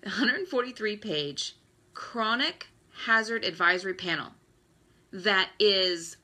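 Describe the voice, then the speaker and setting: Woman, 30s, bright forceful voice, exasperated, ranting, live stream chat. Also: mid-range voice. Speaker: host. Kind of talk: Facebook Live talk.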